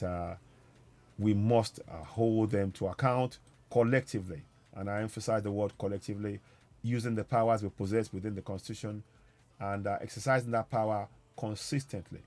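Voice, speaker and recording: A man's voice: fairly low pitch, moderate pace, mellow. A man hosting a call-in show, urging viewers earnestly and repeating his points. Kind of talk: casual talk to viewers. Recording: music in background. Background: music playing.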